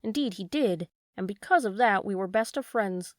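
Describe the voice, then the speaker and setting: A sly little weasel with a sweet, coaxing voice, as a woman puts her on while reading a storybook. She sounds close and dry, her tone sitting mid-range and smooth with flattery. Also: medium pitch, normal speed, no echo, lightly acted.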